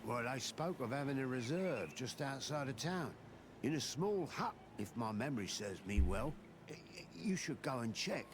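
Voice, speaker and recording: A man's voice: medium pitch, expressive, normal speed, lightly acted. An actor playing a grateful, anxious townsman freed from captivity, speaking earnestly in video game dialogue. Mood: relieved. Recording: game audio with ambient noise.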